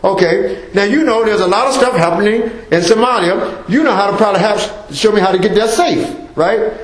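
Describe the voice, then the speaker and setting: American man, high voice, emphatic mosque talk, roomy echo. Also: fairly quick. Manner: emphatic, repetitive preaching with acted-out asides. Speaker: guest speaker. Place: mosque hall. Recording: echoey mosque hall.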